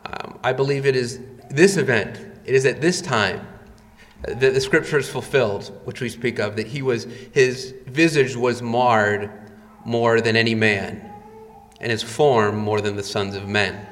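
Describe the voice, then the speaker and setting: A man's voice: mid-range voice, fairly even intonation, unhurried, a bit bright. A man preaching a sermon, retelling scenes dramatically and rising in volume for quoted cries. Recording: long reverb of a hall.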